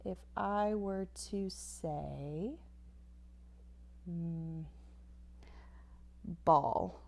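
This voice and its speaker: A woman's voice: lowish voice, gravelly, darkish tone. A woman teaching a phonics lesson over slides, patiently sounding out each word. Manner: slow, patient, sounds words out. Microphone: tablet whiteboard recording.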